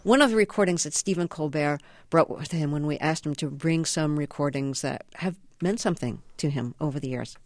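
A woman hosting a radio interview, reading even introductions and giving brief replies. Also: sits low, a little fast, hardly any pauses, dry recording.

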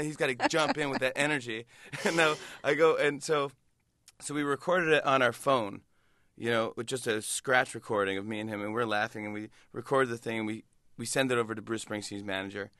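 A man in his forties telling an anecdote in a casual interview, animated and slipping into quick voices of others. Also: medium pitch, no room sound, clean studio sound. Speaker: talk show host and impressionist.

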